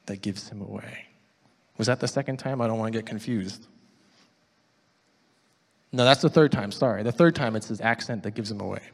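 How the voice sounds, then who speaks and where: A man preaching a sermon in a hall with a long, lingering reverb. He reads scripture aloud and comments on it, going from loud, emphatic lines to soft, almost whispered ones. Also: mid-range voice, vocal fry. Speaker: pastor.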